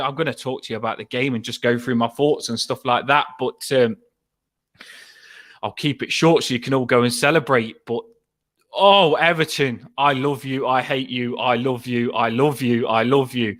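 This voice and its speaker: A man hosting a fan podcast, excitable and rambling, still shaky with adrenaline after a match. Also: mid-range voice, normal speed. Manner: breathless, excitable, rambling with laughs.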